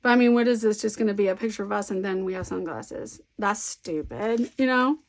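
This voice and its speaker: A woman's voice: medium pitch, a little fast. A woman hosting a scrapbooking video, chatting casually and thinking aloud as she works, rambling with lots of fillers. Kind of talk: casual chat while crafting.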